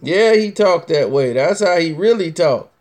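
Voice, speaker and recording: Sex: male. Role: host. Style: casual opinion commentary. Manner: emphatic, teasing, repetitive; voice slightly high. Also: expressive, unhurried, darkish tone.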